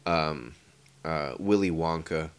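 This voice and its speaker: A man's voice: rumbling low, slow pace, smooth. A man co-hosting a casual movie podcast, rambling with hesitations and occasional swearing. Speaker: podcast co-host.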